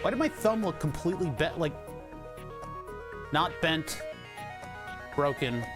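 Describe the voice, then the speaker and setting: Philly guy rambling on a stream, kinda high voice, laughs a lot, cusses here and there. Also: animated, measured pace, over music. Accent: Philadelphia. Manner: rambling, laughs often, swears casually. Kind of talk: casual live-stream chat.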